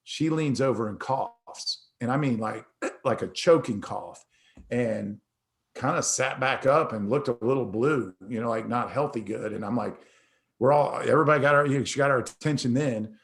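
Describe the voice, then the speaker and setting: Animated middle-aged male storyteller. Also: medium pitch, normal speed. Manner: animated storyteller who acts out dialogue; casual, conversational, with restarts. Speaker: host. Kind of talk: motivational storytelling talk.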